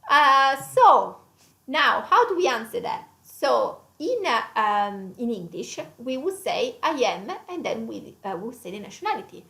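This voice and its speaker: Italian-accented female teacher-host, animated delivery, echoey room. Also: fairly high pitch, vocal fry. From Italy. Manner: lively, drawn-out teaching delivery with slow repetitions. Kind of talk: language lesson.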